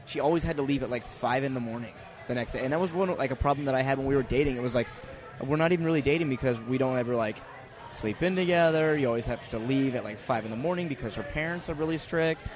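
Guy guesting on a podcast, talks fast, candid about his dating life. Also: medium pitch. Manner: candid, frank storytelling. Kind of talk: casual podcast chat.

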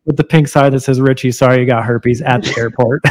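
A man's voice: medium pitch, animated, normal speed, a little mellow. A man hosting a casual podcast, laughing often and repeating himself as he talks. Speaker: podcast host. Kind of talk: casual chat.

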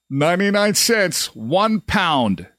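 A middle-aged show host tells a funny story in a loose, chatty way. His voice sits a bit high for a man and swings widely, leaping up when he gets worked up. The sound is close and dry, with no room echo. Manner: animated, voice jumps up when retelling indignant moments. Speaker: host of a live daily show. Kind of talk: casual comedic storytelling.

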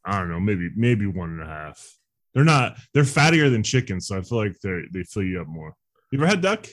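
A man's voice: lowish voice, very animated, fairly quick. A man co-hosting a podcast, trading crude banter and laughing often. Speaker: podcast co-host. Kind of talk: casual chat.

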